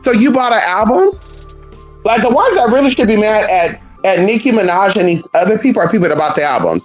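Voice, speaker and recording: A woman's voice: mid-range voice, big pitch swings, fairly quick, faint music behind, poor audio. A woman giving a sassy, blunt and profane vlog monologue, calling listeners honey and girl and talking back to imagined critics. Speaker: vlogger. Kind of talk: casual opinionated monologue.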